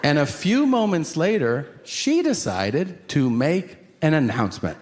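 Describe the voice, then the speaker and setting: A middle-aged man doing stand-up storytelling on stage, animated and jumping into loud acted quotes. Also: on the high side, a little slow, in a large hall, a faint crowd. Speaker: stand-up comedian. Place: comedy stage. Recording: live stage recording with audience noise.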